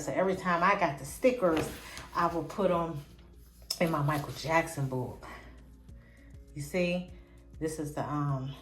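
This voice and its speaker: A woman from in her forties, chatting casually and excitedly as she shows off old keepsakes to her viewers. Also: low voice, unhurried, long pauses. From Pittsburgh, USA. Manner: chatty, tickled, easily excited. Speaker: vlogger. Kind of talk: casual nostalgic show-and-tell. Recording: echoey room with soft background music.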